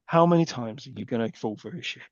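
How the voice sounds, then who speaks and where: Quick-talking male co-host, exasperated, dry lo-fi. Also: medium pitch, lively intonation, dry recording. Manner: quick, sweary, incredulous commentary. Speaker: podcast co-host. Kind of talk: casual film chat.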